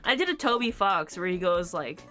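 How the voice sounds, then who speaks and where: Giggly girl streaming a game, chatty and bouncy, soft music in the back. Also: fairly low pitch, a little fast. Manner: giggly, excitable, chatty asides. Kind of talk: casual game-stream chat.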